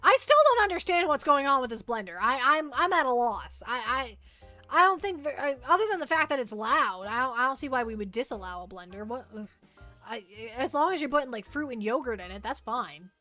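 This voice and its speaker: A woman's voice: high voice, expressive, a little fast, sharp tone, soft background music. A woman hosting a livestream, chatting casually and rambling as she answers viewer questions, often repeating herself and joking at her own expense. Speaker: livestream host.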